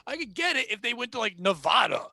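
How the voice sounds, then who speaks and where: A man's voice: very high-pitched, big pitch swings, quick pace, vocal fry, sharp tone, no room sound. A man from Connecticut hosting a podcast, ranting about retail customers in a profane, exasperated way. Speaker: podcast host. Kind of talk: casual ranting chat.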